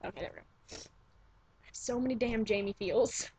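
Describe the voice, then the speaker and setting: Recording herself at home on a computer webcam mic, a young vlogger rambles casually, gushing, cursing, and interrupting her own sentences. Her voice is on the high side, at a moderate pace. Background noise is audible.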